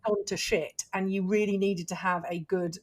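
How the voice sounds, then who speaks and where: Lively woman co-host. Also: mid-range voice, normal speed. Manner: lively, laughing anecdotes. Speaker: podcast co-host. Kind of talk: casual podcast chat.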